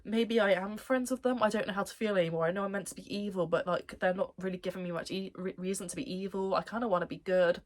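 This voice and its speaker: A teenage girl villain torn between evil and good, voiced by a woman retelling the story. She sounds unsure and wavering, in an ordinary mid-pitched voice that stays close to the speaker's own. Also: fairly even intonation, quick pace, hardly any pauses, natural voice.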